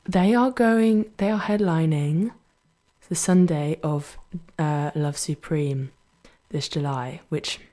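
A woman's voice: low voice, takes it slowly, warm tone. Chatty young English woman radio DJ. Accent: English, Brighton. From Brighton, England. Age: young adult. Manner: chatty, self-deprecating, laughs often. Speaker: student radio DJ. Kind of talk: casual radio chat.

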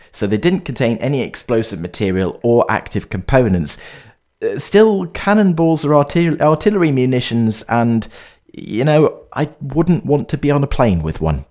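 A man's voice: medium pitch, a little mellow. A man hosting a light-hearted news segment, reading stories and adding joking asides with stumbles and fillers. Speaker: host.

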